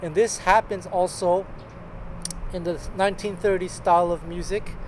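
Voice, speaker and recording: A man teaching a casual guitar lesson, chatty and joking, counting beats out loud. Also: high voice, little pitch movement, normal speed, a little hiss or hum, rough recording. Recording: loud guitar playing under voice.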